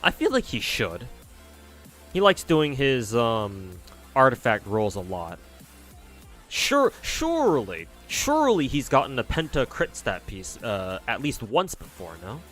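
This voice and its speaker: A man's voice: mid-range voice, huge pitch swings, a little slow, a bit bright. A man streaming a game, chatting casually and swearing freely as he mutters to himself. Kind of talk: casual gameplay commentary. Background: faint game music.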